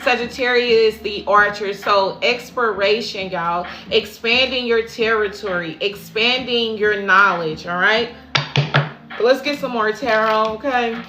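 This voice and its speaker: A woman's voice: fairly high pitch, a little slow, bright, forceful tone. A woman doing a live tarot reading, chatting casually and repeating affirmations to her viewers, whom she calls "y'all" and "baby". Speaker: intuitive tarot reader. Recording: echoey room with faint music.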